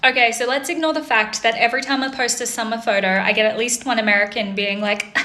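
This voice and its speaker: Australian woman, storyteller, bright high voice, disbelieving and amused, roomy sound. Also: steady tone, quick pace, few pauses. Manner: chatty, laughing in disbelief. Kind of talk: casual storytelling.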